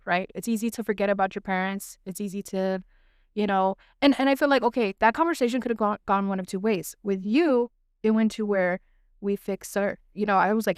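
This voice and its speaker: Earnest young woman, smooth and candid. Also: a little high, no echo, clean studio sound. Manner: earnest, candid, talks in long flowing runs with frequent "like" and "right?". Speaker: podcast host. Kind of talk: casual heartfelt conversation.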